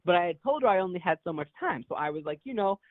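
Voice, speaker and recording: A man's voice: high-pitched, animated, quick pace, dry recording. Young man on a tinny phone line. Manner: profane, rambling, laughs through his story. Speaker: caller. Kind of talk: casual storytelling.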